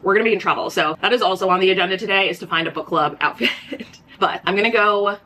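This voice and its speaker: A woman vlogging at home, retelling a story in an animated, gossipy way and saying "like" often. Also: medium pitch, quick pace, slight background noise. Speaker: book vlogger. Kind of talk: casual chatty vlog narration.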